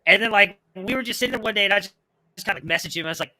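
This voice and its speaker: A man chatting on a podcast over a video call, his voice sharp and bright and a touch higher than most men's. He rambles through stories, padding them with filler words. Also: racing. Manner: rambling, filler-heavy storytelling. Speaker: podcast co-host. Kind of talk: casual chat.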